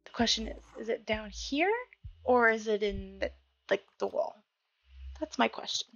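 A woman's voice: fairly high pitch, moderate pace, a bit bright, no echo. A woman streaming a video game, talking to herself in casual commentary and startling easily. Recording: dull lo-fi mic with faint music.

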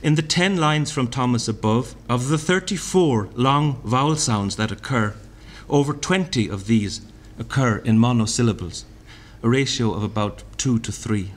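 A man reading a lecture aloud at a literary festival. He speaks deliberately, sounding out vowels and repeating lines he recites. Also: mid-range voice. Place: hotel function room.

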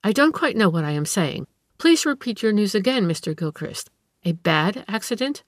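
A woman's voice: medium pitch, very animated, normal speed, dry recording, clean studio sound, lightly acted. A woman voicing a proud, impulsive young woman who speaks haughtily and with strong feeling. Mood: shaken, urgent.

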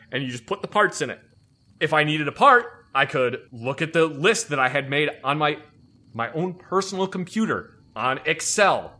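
A man recounts an old army story in a bright, slightly high voice. His delivery is animated and loose, with frequent swearing. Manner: animated, profane, acts out quoted people. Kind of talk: casual storytelling chat.

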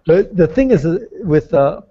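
Mellow-voiced man guesting on a podcast. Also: a little high, lively intonation, moderate pace, slightly rough. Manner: talkative, explains at length with restarts. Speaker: travel author guest. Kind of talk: casual podcast interview. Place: calling in from abroad. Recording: slightly muffled audio.

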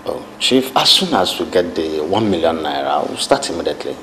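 An actor with a Nigerian accent playing a composed hospital doctor in a film drama, speaking in a measured, reassuring way with small hesitations. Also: male voice, sits low, very animated, background noise.

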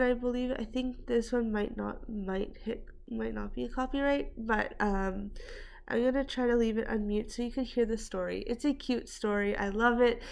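A woman's voice: mid-range voice, vocal fry. Chatty woman reacting to animal clips. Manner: chatty, rambling, laughs often, many fillers. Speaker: reaction video host. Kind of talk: casual reaction commentary.

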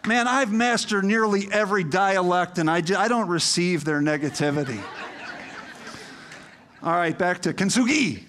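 A man's voice: high-pitched, normal speed, fairly bright tone, slight background noise. A male pastor preaching a sermon in a conversational, emphatic way that builds to rousing appeals.

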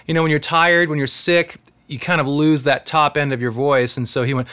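A man's voice: on the high side, level tone, brisk, pushed and bright, clean tone. A man teaching singing in a casual tutorial, explaining technique in an earnest, encouraging way. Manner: breaks into sung demonstrations between explanations. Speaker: singer teaching vocal technique.

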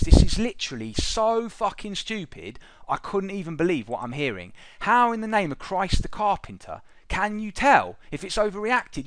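A man's voice: a little high, a bit bright, no room sound. A middle-aged man giving blunt, profane trading commentary over charts, exasperated and mocking. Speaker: trading educator.

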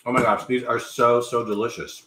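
A man's voice: medium pitch, level tone, normal speed, bright, forceful tone, echoey room. A middle-aged man hosting a live cooking stream from his home kitchen, upbeat and chatty, reading viewer comments aloud. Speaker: cooking show host.

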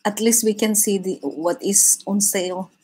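A woman's voice: medium pitch, moderate pace, darkish tone, breathy edge, poor audio. A woman hosting a live drawing stream, chatting casually with viewers, laughing often and restarting her sentences.

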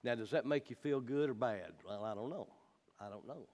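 A man's voice: medium pitch, a little fast, a little mellow. Folksy man teaching scripture. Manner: folksy, emphatic, tells personal anecdotes. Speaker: Bible study teacher. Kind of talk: conversational Bible teaching.

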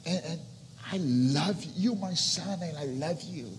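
A young man preaching a sermon with a fairly high voice that rings out in a big hall with a long reverb. He drops to hushed, almost whispered lines, then surges into loud, soaring passages. Faint ambient noise sits under the sound. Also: unhurried. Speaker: pastor.

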